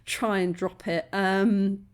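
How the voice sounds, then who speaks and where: A woman's voice: mid-range voice, steady tone, slow pace. A British woman hosting a reaction video, chatting casually and digressively, often laughing. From Britain. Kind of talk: casual commentary.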